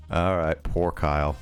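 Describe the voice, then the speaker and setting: A young man streaming a game, chatting casually with viewers in a rambling way and laughing often. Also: rumbling low. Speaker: gaming livestreamer. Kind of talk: casual livestream chat with viewers.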